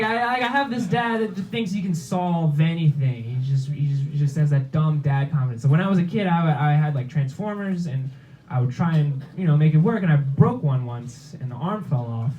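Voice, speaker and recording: Animated young man doing stand-up. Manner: animated, jumps into high-pitched voices for characters in his stories. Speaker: stand-up comedian. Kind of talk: stand-up set. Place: comedy club stage, laughing audience. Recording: noisy club recording.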